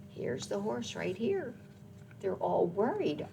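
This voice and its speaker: A woman reading a picture book aloud at a children's storytime, gentle and sing-song, making jingle and swoosh sounds. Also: mid-range voice, big pitch swings, slow pace, vocal fry, a little hiss or hum. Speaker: children's librarian.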